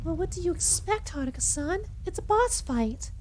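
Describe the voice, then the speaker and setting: Very high-voiced, polite woman co-host. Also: animated, moderate pace, a little mellow, slight background noise. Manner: polite, formal, meek, with cat meows. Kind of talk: let's play banter.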